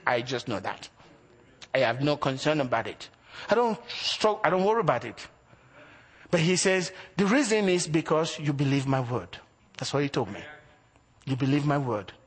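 A pastor preaches a sermon in a husky, animated mid-range voice at normal speed, pausing often. He asks rhetorical questions and swings between loud emphasis and quiet asides.

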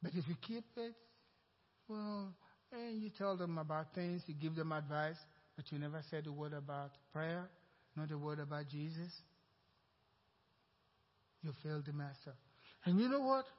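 Man pastor preaching, acts out his story people, kinda husky, dull muffled sound. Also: fairly high pitch, moderate pace, pauses often. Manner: animated preaching, acts out quoted dialogue. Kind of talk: sermon. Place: church sanctuary. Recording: dull echoey church hall recording.

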